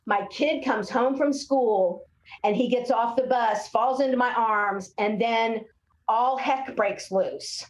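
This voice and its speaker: A woman's voice: a little high, slow pace. A woman, a speech-language pathologist, chatting as an interview guest and telling stories, often acting out what children and parents say. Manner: animated storyteller, acts out quotes of kids and parents. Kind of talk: casual interview conversation. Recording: echoey room.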